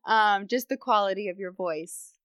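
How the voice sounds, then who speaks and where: A young woman speaking as a guest in a podcast interview, casual and giving advice, often laughing and dropping into vocal fry at the ends of sentences. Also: mid-range voice, moderate pace, fairly bright tone, no echo. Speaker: guest voice expert.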